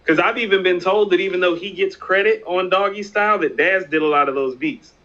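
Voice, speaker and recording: Bright-voiced man on a muffled call line. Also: high voice, brisk. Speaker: podcast co-host. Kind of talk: casual hip hop discussion.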